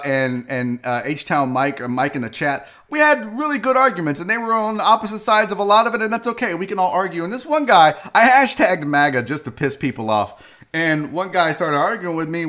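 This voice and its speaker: A man hosts a loose live sports stream, rowdy and profane, drifting off topic. His voice is bright and forward, pitched a bit high for a man. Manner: profane, rambling, rowdy, drinking on air. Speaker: host of a live sports show.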